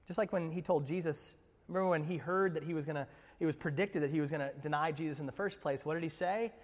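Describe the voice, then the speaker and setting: A man with a fairly high voice preaching a sermon in a church, with long reverb trailing his words. He is animated, jumping between loud outbursts and hushed, low asides. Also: fast talker. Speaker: pastor. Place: church sanctuary.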